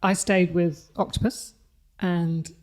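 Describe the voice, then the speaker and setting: Woman being interviewed on a podcast, kinda low voice, candid and reflective, laughs a lot. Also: little pitch movement, slow pace, darkish tone. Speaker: guest, company CEO.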